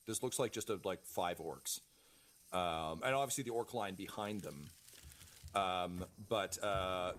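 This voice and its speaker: A man narrating as game master of a tabletop game, pausing often with ums and uhs. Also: on the low side, fairly bright tone, slight background noise. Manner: hesitant, many ums and uhs.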